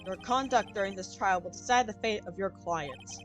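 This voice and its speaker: A woman voicing an elderly male judge in a lowered, formal old-man voice, reading game dialogue aloud. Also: normal speed, far from the mic, soft background music, natural voice. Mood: stern. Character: elderly male judge, stern but patient.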